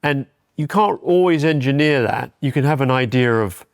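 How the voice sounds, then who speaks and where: Male documentarian, fifties, mid-pitched, dry close mic, wry storyteller. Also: moderate pace, vocal fry, no echo. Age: 50s. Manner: wry, self-deprecating, animated anecdotes. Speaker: documentary filmmaker, guest. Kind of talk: casual interview storytelling.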